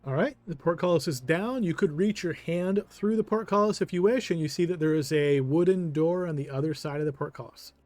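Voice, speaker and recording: A man's voice: a little high, a little fast, hardly any pauses, darkish tone, dry recording. A man narrating a tabletop game as game master, easygoing and full of filler words.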